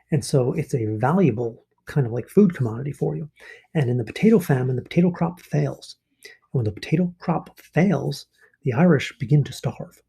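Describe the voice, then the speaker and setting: A man's voice: fairly high pitch, vocal fry, warm tone, breathy edge. A male history teacher explaining a lesson in a casual, conversational way, often checking in with listeners. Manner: casual, explanatory, with frequent ums and rhetorical rights. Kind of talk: recorded online lesson.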